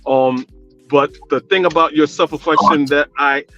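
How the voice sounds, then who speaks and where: A New York caller of Guyanese descent talks casually and at length on a radio talk show, using many fillers. His voice is on the high side, steady and sharp, at normal speed, with dull audio and faint music behind him.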